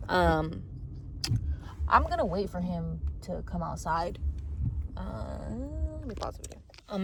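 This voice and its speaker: A young woman talking casually and bluntly about spiritual healing, swearing freely while she drives. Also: on the low side. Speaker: vlogger. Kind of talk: casual spiritual car talk. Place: inside a car while driving. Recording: road noise in a moving car.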